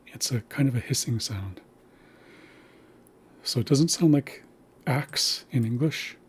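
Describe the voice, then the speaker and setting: Slow, patient man teaching pronunciation. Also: medium pitch, a little mellow, slightly rough. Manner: slow, patient, spells out sounds carefully. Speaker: language teacher. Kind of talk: recorded language lesson.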